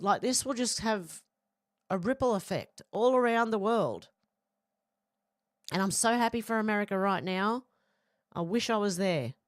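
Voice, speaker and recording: A woman's voice: mid-range voice, no room sound, clean studio sound. An Australian woman hosting a livestream, casually reading viewer comments aloud and chatting bluntly. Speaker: livestream host reading chat. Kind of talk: casual live chat.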